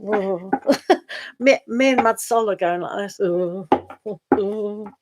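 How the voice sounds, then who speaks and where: Chatty middle-aged british lady doing live tarot, talks real slow, sighs n laughs a lot, bit of noise behind. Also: medium pitch. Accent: British English. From England. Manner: chatty, sighing and laughing, drawn-out slow talk. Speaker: tarot reader answering live chat. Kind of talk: casual live-stream chat.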